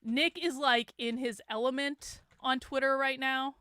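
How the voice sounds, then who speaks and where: A hungover woman hosts her livestream in a chatty, animated way. Her voice sits high and sounds smooth and clear. The recording is dry and close, with no room sound. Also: unhurried, no room sound. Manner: chatty and animated, laughs often. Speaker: show host. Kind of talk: casual livestream chat.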